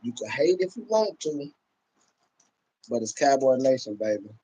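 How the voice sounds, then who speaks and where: A man with a Texas accent hosting his live stream, boasting and trash-talking in a loud, laughing rant. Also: mid-range voice, big pitch swings, moderate pace, slightly rough, lo-fi sound. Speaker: channel host.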